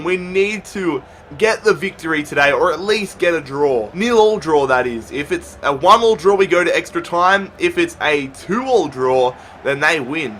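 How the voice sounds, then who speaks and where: Excitable young man calling a football game. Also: a little high, slight background noise. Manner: swings from calm analysis to shouting at big chances. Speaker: gaming YouTuber.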